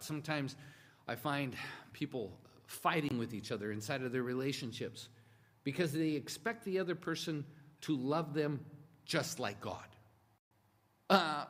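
A man's voice: fairly high pitch, animated, normal speed. A man preaching a sermon in an earnest, conversational way, stretching out the words he wants to stress. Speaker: pastor. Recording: long hall reverb.

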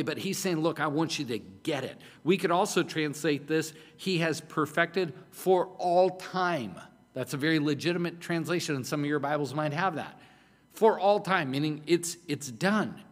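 A man preaching a sermon as pastor, emphatic and conversational, often repeating himself. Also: fairly high pitch. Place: church hall. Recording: long hall reverb.

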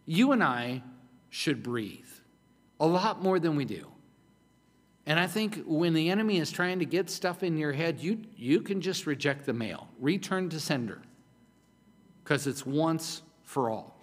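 A man's voice: fairly high pitch, expressive, a little slow. A man preaching a sermon as pastor, emphatic and conversational, often repeating himself. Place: church hall. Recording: long hall reverb.

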